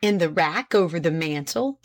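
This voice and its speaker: A woman's voice: lowish voice, expressive, normal speed, slight background noise, voice pushed down, natural voice. A woman voicing a reluctant older male witness who gives short, grudging answers.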